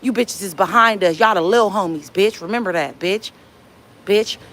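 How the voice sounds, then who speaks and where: A woman's voice: mid-range voice, moderate pace, a bit bright. A woman from Los Angeles hosting a livestream, trash-talking in a profane, confrontational way from a laundromat. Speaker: livestream host. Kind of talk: casual livestream rant.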